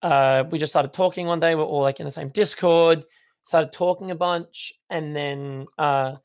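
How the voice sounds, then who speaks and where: Rich: A young man chatting as a guest, laid-back and full of fillers. His voice sits a little high for a man. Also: steady tone, normal speed, smooth. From Australia. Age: young adult. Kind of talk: casual chat.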